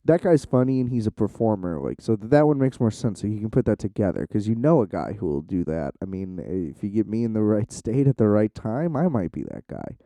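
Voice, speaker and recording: A young man with a very dark, mellow voice, rambling loosely into a close, dry mic. He swears freely and keeps restarting his sentences, talking casually to the camera. His voice sits a little low and comes across smooth. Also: big pitch swings, fairly quick, hardly any pauses, dry recording. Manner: loose, profane, full of "like" and restarts. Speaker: vlogger.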